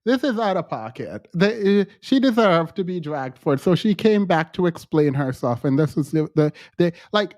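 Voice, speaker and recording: A man's voice: on the high side, big pitch swings, moderate pace, hardly any pauses, darkish tone, no echo, studio quality. A man hosting casual online commentary, ranting in an exasperated, annoyed way. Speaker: commentary host.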